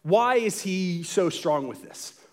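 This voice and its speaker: A young man preaching a sermon in a lively, conversational way, with bursts of dramatic emphasis. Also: sits high, takes it slowly. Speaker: pastor.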